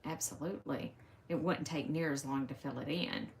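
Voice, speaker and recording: A woman's voice: low voice, steady tone, moderate pace, vocal fry, slight background noise. Chatty Southern woman stitching on a live stream. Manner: chatty, talks to viewers as "y'all", drops into soft murmurs while working. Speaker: craft live-stream host. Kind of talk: casual live-stream chat while stitching.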